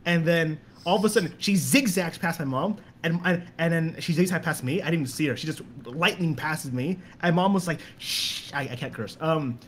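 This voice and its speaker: A man's voice: on the high side, brisk, few pauses, slight background noise. A young man telling stories in a casual podcast chat, rambling and repeating words as he goes. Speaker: guest.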